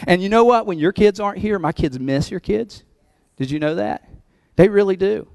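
A man's voice: high-pitched, normal speed, vocal fry, darkish tone, dry recording. A man preaching as pastor of his church, talking conversationally and laughing between points, building to emphatic peaks. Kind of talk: sermon.

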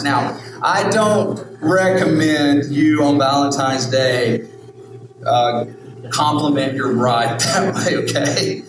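Brief: a male pastor preaching, slightly high voice, heard from afar in an echoey hall. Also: slow, background noise. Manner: repetitive, emphatic, rhetorical questions. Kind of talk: sermon. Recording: echoey hall, distant mic, music.

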